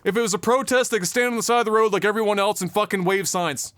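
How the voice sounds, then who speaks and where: A man's voice: high-pitched, quick pace, fairly bright tone, a little hiss or hum. A man ranting with heavy swearing in a casual podcast chat. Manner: profane, ranting, exasperated. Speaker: podcast co-host.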